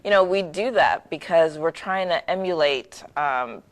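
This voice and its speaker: Low-voiced lady coach giving pep-talk tips, easygoing and encouraging. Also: expressive, a little slow. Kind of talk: casual conversational talk.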